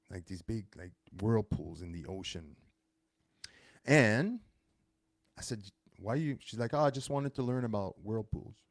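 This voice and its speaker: A man in his thirties hosts a casual monologue, rambling along and often stopping to fix his own words. His voice sits fairly low and has a gravelly fry to it. The sound is close and dry, with no room around it. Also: a little mellow, dry recording. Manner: rambling, self-correcting storytelling. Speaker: host.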